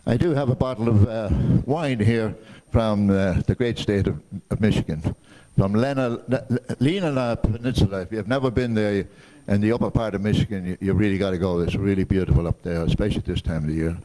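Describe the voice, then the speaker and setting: A man with a low, mellow voice talks at a club meeting. His remarks ramble and halt, full of restarts and small fillers. He sounds like a member sharing news with the room. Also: brisk.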